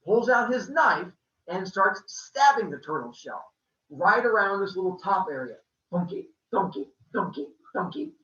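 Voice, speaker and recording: Host telling a comic story, lively pitch, bright tone, casual and jokey with sound effects. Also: male voice, a little slow, roomy sound, far from the mic, muffled recording. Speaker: podcast host. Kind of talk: comedic mythology storytelling.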